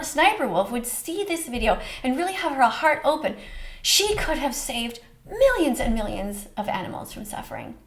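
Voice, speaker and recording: A woman hosting a reaction video, speaking earnestly and emotionally, with a preachy tone. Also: high-pitched. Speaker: host reacting to a short film. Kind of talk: reaction commentary.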